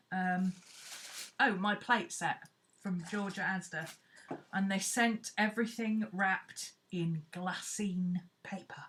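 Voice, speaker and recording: A woman's voice: medium pitch, fairly bright tone, slight background noise. A woman chatting casually and playfully, thinking aloud as she works on a craft project. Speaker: craft vlogger.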